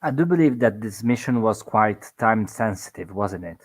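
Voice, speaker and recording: A man's voice: on the low side, expressive, moderate pace. A man playing a tabletop game, speaking hesitantly with many fillers. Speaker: player. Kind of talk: casual game chat.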